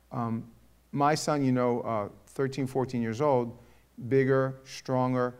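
A middle-aged man leading a casual parenting talk to a group, telling stories in a lively, animated way. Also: medium pitch, clear, resonant tone.

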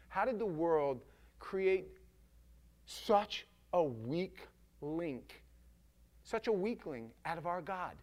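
A male preacher giving a casual, emphatic sermon that swings from loud to hushed. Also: sits high.

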